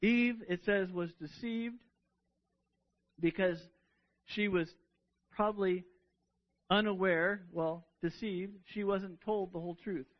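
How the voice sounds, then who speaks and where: A man with a high voice preaches a sermon at an unhurried pace. He speaks earnestly and often repeats a word as he restarts a thought. The recording sounds dull and lo-fi. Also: steady tone.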